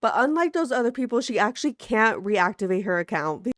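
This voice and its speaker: A woman's voice: on the high side, lively intonation, brisk, fairly bright tone, no echo, studio quality. A woman hosting a let's play, chatty and giggly, talking to her viewers while sleepy and sick. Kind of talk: casual gameplay commentary.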